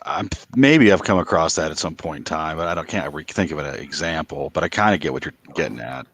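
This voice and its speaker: A man hosting a casual podcast chat, laid back, asking questions and trailing off quietly. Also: rumbling low, animated, a little fast, husky, dry recording.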